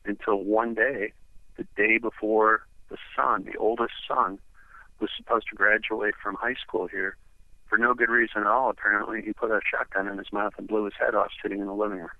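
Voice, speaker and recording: A man's voice: lowish voice, level tone, a little fast, no echo. A man from the eastern United States, a radio guest telling a long story over the phone in a rambling way, full of fillers. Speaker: radio show guest, ranch owner. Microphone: telephone. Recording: tinny phone line, dry.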